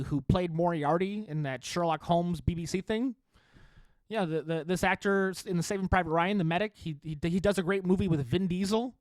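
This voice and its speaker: A man with a fairly high voice rants alone into a microphone, sarcastic and self-mocking, swearing and laughing as he goes. The sound is dry and close, with no room around it. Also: dry recording. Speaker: podcast host. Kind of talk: solo podcast rant. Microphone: studio microphone.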